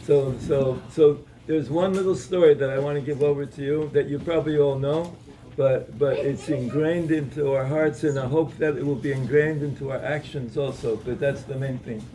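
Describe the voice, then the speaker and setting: A man giving a Torah talk at an evening gathering, telling a story in a halting way, with many repeated words and restarts. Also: medium pitch, fairly even intonation, warm tone, far from the mic, low-quality recording.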